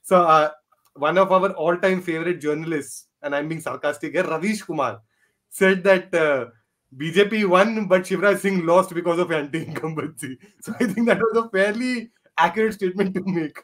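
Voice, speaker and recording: A man speaks as a podcast panelist. His voice sits a little high, and he thinks aloud with many fillers. Now and then he slips in some dry sarcasm. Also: moderate pace, a bit bright. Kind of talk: casual political discussion.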